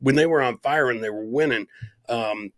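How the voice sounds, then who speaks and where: Co-hosting a podcast, a man tells a story in a casual, profane style, laughing often and acting out the people he quotes. His mid-range voice is a bit bright at normal speed, in a dry recording.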